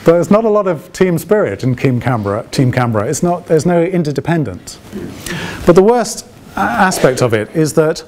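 Chatty ironic male lecturer, fairly high voice. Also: sing-song, normal speed, darkish tone, slight background noise. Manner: conversational, asks the audience rhetorical questions; dry, ironic humour. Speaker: guest lecturer. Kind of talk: open lecture to alumni.

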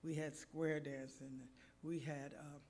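A woman's voice: sits low, slow. A woman preacher telling a personal story in a sermon, acting out the voices of the people in it. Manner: animated, acts out the people in her story. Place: church.

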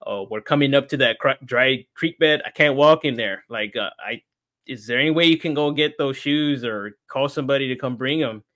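A man tells a story as an interview guest, in a casual, animated way. He laughs often and acts out the voices of the people in his story, and his pitch sits in an everyday middle range. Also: moderate pace.

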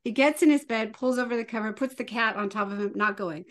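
Middle-aged woman on a podcast, high voice, animated anecdote teller. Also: fast talker. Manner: lively, acts out her children's voices. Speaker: podcast guest. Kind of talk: casual storytelling.

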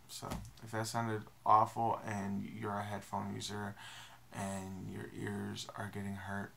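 A man's voice: on the low side, creaky, bright, forceful tone, a little hiss or hum. A young man vlogging to the camera in a casual, rambling, self-deprecating way, with many fillers. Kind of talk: casual confessional vlog.

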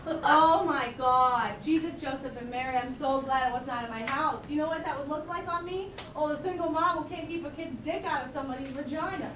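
Brief: woman doing a high-voiced, loud Boston single mom, gushing and swearing, caught from afar in a roomy hall with noise. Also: fairly quick, close to an everyday voice. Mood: outraged. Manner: gushing, brash, repeats herself. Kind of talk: improv comedy scene. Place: theater stage. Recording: roomy distant live stage recording, noisy.

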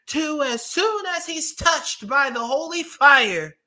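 A man's voice: very high-pitched, animated, takes it slowly, sharp tone. A man preaching a sermon, reading scripture aloud emphatically and breaking into casual asides to his congregation.

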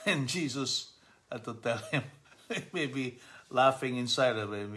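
A middle-aged man, a father, giving a casual commentary on a gospel passage to his family, halting with many fillers and easy chuckles, and asking animated questions. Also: medium pitch. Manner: reads scripture aloud, then explains with animated questions.

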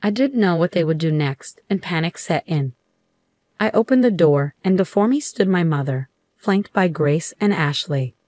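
Woman narrating a story, low, dry. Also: lively intonation, moderate pace, a little mellow, no room sound. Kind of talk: first-person story narration.

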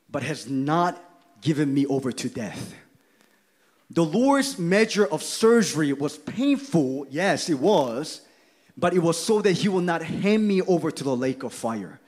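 A middle-aged man preaching a sermon with passion, rising to shouts at his peaks. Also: fairly high pitch, slightly rough.

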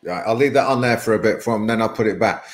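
A man's voice: on the low side, fast. Chatty man hosting a webinar. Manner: chatty, laughs often, rambling storytelling. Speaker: webinar host. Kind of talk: casual live webinar chat.

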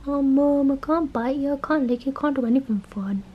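A woman's voice: sits high, a little fast, dull audio, a little hiss or hum, close to an everyday voice. A British woman voicing a cheeky, sulky young male puppy who whines like a child. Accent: British English. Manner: whiny, childlike complaining.

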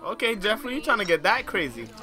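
Young male gamer, joking and slangy commentary; lively, bright delivery. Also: sits high, fast. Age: young adult. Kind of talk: let's play commentary.

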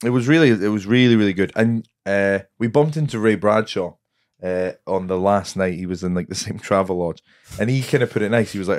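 A low-voiced man telling rambling, swear-laden stories as a comedian guest on a podcast. His delivery is loose and casual, full of fillers. The sound is dry and close to the mic. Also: a little fast, a little mellow, no room sound.

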